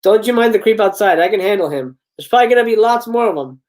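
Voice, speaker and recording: A man voicing a large, crude rural truck driver who talks in a slow drawl, reading a script aloud. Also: high voice, expressive, a little mellow. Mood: gruff, urgent. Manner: slow Southern-style drawl.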